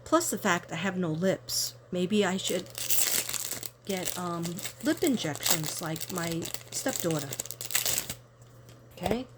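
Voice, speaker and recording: An older woman chatting casually to her viewers while unboxing gifts, excitable and quick to gasp with delight. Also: lowish voice, background noise. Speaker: tarot reader and vlogger.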